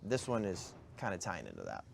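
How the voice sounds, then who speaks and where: Male host, casual, joking, animated delivery. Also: sits low, vocal fry, slightly rough. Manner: playful, joking, quick asides. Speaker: talk show host. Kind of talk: casual studio chat.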